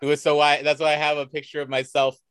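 An American man appears as a cosplayer guest, chatting casually and enthusiastically telling anecdotes. His voice is a little high, monotone and fairly bright, and he talks quickly over slight background noise.

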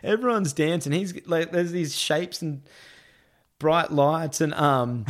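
A man casually telling a long anecdote on a podcast. He laughs often and acts out the other people in a higher voice, with many "I'm like" asides. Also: animated, normal speed.

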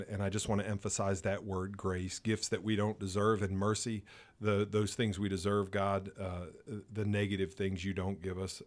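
A man co-hosting a pastors' podcast, praying aloud and talking about faith in an earnest, emphatic way. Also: low voice. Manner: earnest, emphatic, repeats words when stressing a point. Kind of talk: spoken prayer and podcast discussion.

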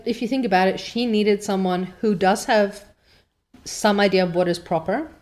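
A woman's voice: medium pitch, normal speed, darkish tone. A woman host who reads a novel aloud and chats about it in a casual, rambling way. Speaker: reader and podcast host.

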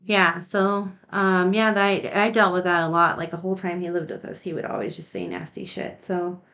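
A woman's voice: lowish voice, lively intonation, normal speed, a bit bright. Profane, nonchalant woman podcast host. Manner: nonchalant, heavy swearing, frequent "like"; laughs between sentences. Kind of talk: casual conversation.

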